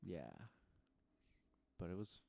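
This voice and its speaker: A young man with a very low voice chats casually as a podcast co-host. He is laid-back and lets sentences trail off. The sound is dry and close. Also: animated, slow pace, gravelly, dark tone, no room sound. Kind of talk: casual chat.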